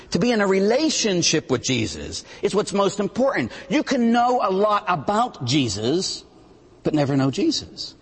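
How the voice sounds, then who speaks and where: A middle-aged priest preaches with a lively, swooping delivery, acting out voices and sound effects. His voice is somewhat husky and sits a little higher than most men's. It rings out with a long echo from a large church. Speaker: Catholic priest. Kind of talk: sermon.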